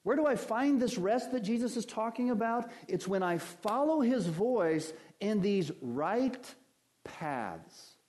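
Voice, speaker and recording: A male pastor delivering a sermon, his voice mellow and somewhat high for a man. He speaks slowly and deliberately, swelling with emphasis and then dropping soft on key words. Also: big pitch swings. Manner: preaching with swells of emphasis and slow drawn-out phrases.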